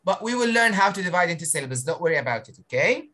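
A woman's voice: fairly low pitch, big pitch swings, fast, fairly bright tone. A woman teaching an online spelling lesson on a video call, encouraging her pupils and sounding out syllables.

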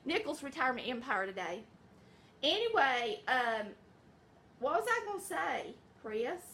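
A woman's voice: high voice, big pitch swings, a little slow, pushed and bright, a little hiss or hum. A middle-aged woman with a Southern US accent, chatting in a folksy, rambling way in her home kitchen, sounding tired. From American South. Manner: folksy, rambling, says y'all and honey. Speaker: vlog host, home cook. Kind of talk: casual chatty vlog.

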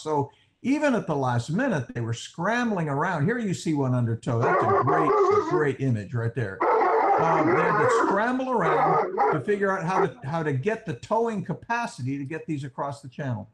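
A man's voice: fairly high pitch, big pitch swings, normal speed, a little hiss or hum. A man speaking as a historian on a panel, explaining with animation. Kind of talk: panel discussion.

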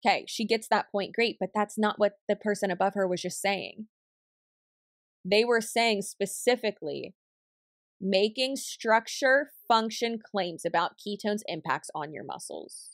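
A woman's voice: medium pitch, measured pace, no room sound, clean studio sound. Blunt, sassy woman talking straight to camera. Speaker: commentary channel host. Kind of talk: reaction commentary vlog.

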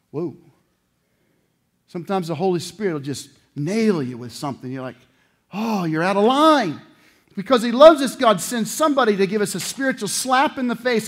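Man, middle-aged, pastor, sermon, high voice, animated, playful voices. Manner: animated, acts out voices and swings from loud to low.

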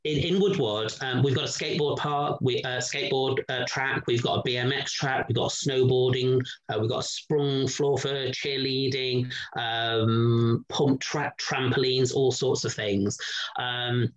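A middle-aged man talks through a resort like a friendly sales representative. His voice sits at an everyday middle pitch, and his delivery is loose and chatty, full of "sort of" and "um". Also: steady tone, unhurried, lo-fi sound. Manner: chatty, leans on "sort of" and "um" fillers. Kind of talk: casual promotional walkthrough.

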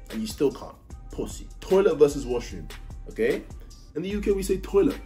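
A man's voice: medium pitch, very animated, fairly quick, a little mellow, soft background music. A young British man from the UK chatting casually in a vlog, ranting animatedly with exasperated mock impressions. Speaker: vlogger.

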